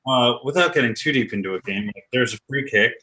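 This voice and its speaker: A man's voice: mid-range voice, quick pace, bright, forceful tone, poor audio. A man telling a rambling, wry story on a casual video call. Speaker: improv performer.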